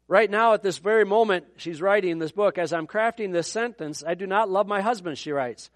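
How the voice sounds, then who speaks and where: A man's voice: high-pitched, fairly quick, hardly any pauses, no room sound, clean studio sound. A middle-aged man preaching a sermon in a conversational way, with joking asides. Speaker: pastor.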